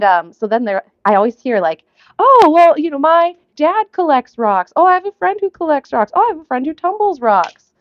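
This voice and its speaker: A woman from Minnesota hosting a casual livestream, chatty and gushing with easy excitement, breaking off into asides. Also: mid-range voice, no room sound, dull audio. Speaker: livestream host. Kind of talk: casual live-stream chat. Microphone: phone.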